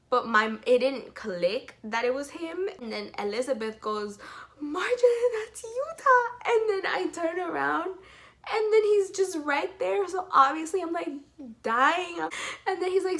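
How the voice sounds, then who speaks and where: A young woman vlogging an excited storytime, gushing with lots of "like" and breaking into giggles. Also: high-pitched.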